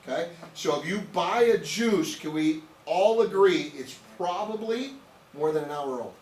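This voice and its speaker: A man with a high, animated, somewhat dark voice speaks a little slowly while giving a nutrition training to a small group. He is emphatic, repeats words, and keeps checking in with "okay?", recorded from a distant mic in an echoey room with an audience and faint noise.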